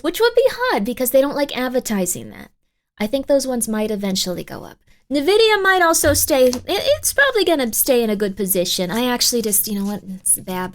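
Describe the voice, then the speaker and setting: A woman's voice: medium pitch, natural voice. A woman putting on a blunt, bossy tarot reader. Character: blunt brash woman fortune teller doing tarot. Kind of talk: put-on-accent tarot reading on a livestream.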